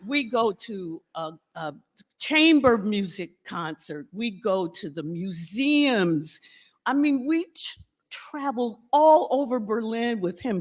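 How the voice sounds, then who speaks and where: A woman spinning a playful story before an audience, breaking into laughter as she goes. Her pitch swings widely from phrase to phrase, and she takes her time with the punchlines. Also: takes it slowly. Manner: animated, playful, laughing often. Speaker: guest speaker introducing the keynote. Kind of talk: storytelling anecdote at a convocation.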